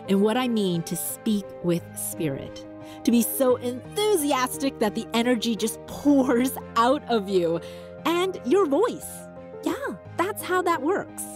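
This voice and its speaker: A woman hosting a solo podcast, coaching listeners in an encouraging, animated way with playful voice shifts. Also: on the high side. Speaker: podcast host.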